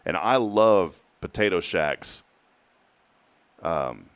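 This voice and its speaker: A Texan man in his thirties with a very low, deep voice hosts a relaxed morning chat. He rambles through long personal stories and laughs often as he talks. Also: drawn-out words, clean tone. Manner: rambling storyteller, chuckles often. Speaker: morning show host. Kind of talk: casual chat.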